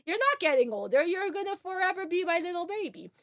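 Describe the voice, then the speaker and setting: A woman streamer chatting casually on a live stream, greeting viewers and telling stories in an excitable, chatty way. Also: very high-pitched, fast, no echo, clean studio sound.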